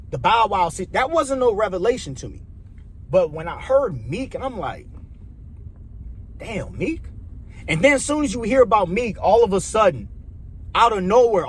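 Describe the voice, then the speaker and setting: A man's voice: high-pitched, a little hiss or hum. A young man from Chicago with a Chicago accent, ranting in a loose, profane, rambling way that repeats itself. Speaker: vlogger. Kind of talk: casual opinion rant.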